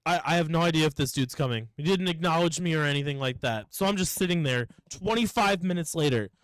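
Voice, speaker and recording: Tipsy and profane, a young podcast co-host rants through a story, voicing the people he quotes in casual chat. He speaks fast in a slightly high, clear, resonant voice, captured in a rough recording without echo.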